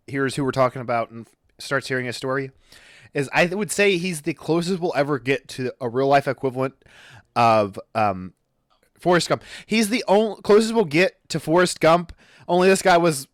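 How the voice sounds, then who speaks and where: A man's voice: on the high side, no echo, studio quality. A man co-hosting a podcast in casual chat, rambling and correcting himself as he goes. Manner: rambling, self-correcting, stumbles over words. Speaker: podcast co-host.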